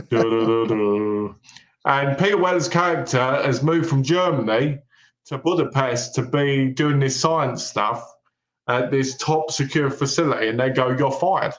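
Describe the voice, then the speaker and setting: Animated man recapping films in a roomy room. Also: medium pitch, normal speed. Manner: animated storyteller, retells plots with quoted lines. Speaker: podcast co-host. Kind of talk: casual film-review chat. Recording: roomy echo.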